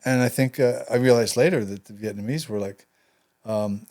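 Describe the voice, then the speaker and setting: An older man telling a personal story in an interview, halting and reflective, his voice trailing off into quiet asides. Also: fairly low pitch. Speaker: guest, veteran actor and writer.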